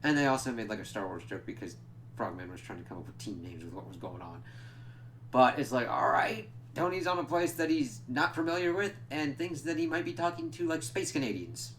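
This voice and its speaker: A man's voice: mid-range voice, lively intonation, fairly quick, a bit bright, a little hiss or hum. A man giving a casual, spoiler-filled comic book review, rambling along with lots of "like" and "kinda" fillers and casual swearing.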